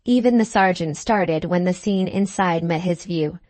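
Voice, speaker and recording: Brief: low-pitched woman narrator, measured dramatic reading, dry close-mic audiobook. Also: a little mellow, no room sound. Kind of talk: scripted narration.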